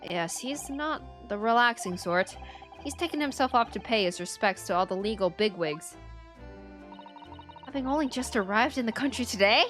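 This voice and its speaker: A woman's voice: on the high side, expressive, moderate pace, fairly bright tone, faint music behind. A woman voicing a genial, chatty older male professor in a game.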